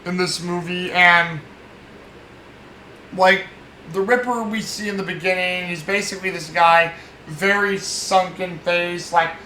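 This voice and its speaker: A man's voice: high voice, fairly even intonation, a little slow, pushed and bright, roomy sound, slight background noise, low-quality recording. A man hosting a casual film review, rambling and chuckling between frequent fillers and restarts. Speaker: film podcast host.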